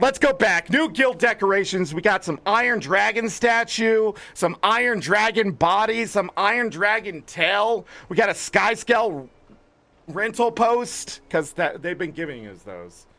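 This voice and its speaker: A man's voice: high voice, pushed and bright. A man hosting a gaming channel, ranting with exasperated profanity and rambling filler words. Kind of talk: ranting commentary.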